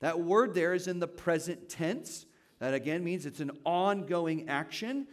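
A man with a fairly high voice delivers a sermon to his church. He talks in a relaxed, conversational way. He keeps asking the congregation questions as he teaches. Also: measured pace. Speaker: pastor.

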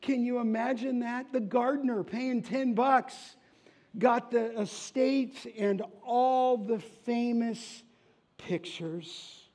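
A man preaching a sermon, telling a story slowly and rising in volume for its dramatic moments. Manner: tells a story slowly, rising loud and high for shouted voices. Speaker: pastor.

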